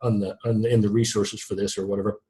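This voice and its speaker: A man's voice: lowish voice, flat delivery, quick pace, warm tone. Chatty middle-aged man explaining sales. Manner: conversational, restarts sentences, laughs at own jokes. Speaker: guest, lead generation company founder. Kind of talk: casual interview talk.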